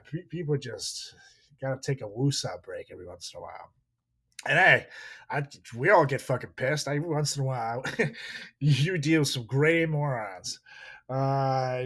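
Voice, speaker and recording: A man co-hosting a podcast in casual chat, animated and profane, laughing often. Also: mid-range voice, breathy edge. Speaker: podcast co-host.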